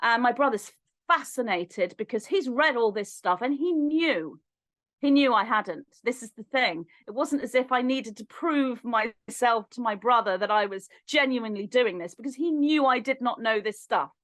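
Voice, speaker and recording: A woman as a podcast guest, telling a personal story in an animated way and acting out remembered dialogue. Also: a little high, normal speed, dry recording. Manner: animated, acts out remembered dialogue with lively shifts in voice.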